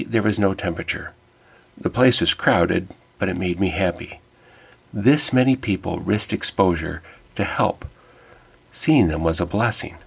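A man's voice: low voice, creaky, husky. A middle-aged man giving an earnest, wry personal reflection that turns to faith. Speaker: devotional speaker.

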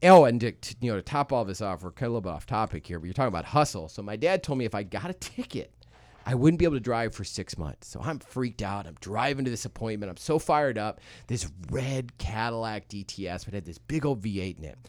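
A man in his thirties telling stories in a casual podcast chat, animated and acting out voices. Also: lowish voice, fast, no room sound. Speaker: guest, real estate entrepreneur.

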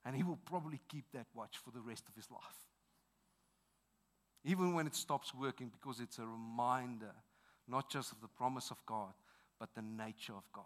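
A man in his thirties with a South African accent preaching a sermon, telling a personal story earnestly and swinging from hushed to loud. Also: medium pitch, normal speed. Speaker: pastor.

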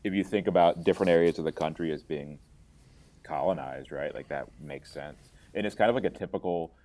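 A man from Florida co-hosting a podcast, cracking wry jokes and musing out loud in casual chat. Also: extremely low pitch, brisk. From Florida, USA. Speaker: podcast co-host.

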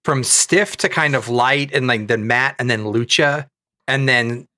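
A man's voice: medium pitch, a little slow, pushed and bright. A man co-hosting a podcast in casual chat, chiming in and thinking aloud. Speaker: podcast co-host.

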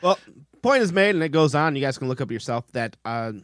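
A man's voice: fairly high pitch, lively intonation, a little fast, dry recording. A man hosting a podcast, reading from his notes in a conversational way. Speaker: podcast host. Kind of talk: casual chat.

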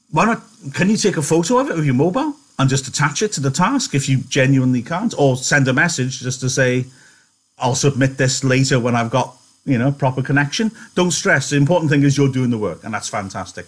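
A man's voice: mid-range voice, breathy edge. A man teaching an English class online, chatty and encouraging, reading from a novel. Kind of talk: online lesson and reading aloud.

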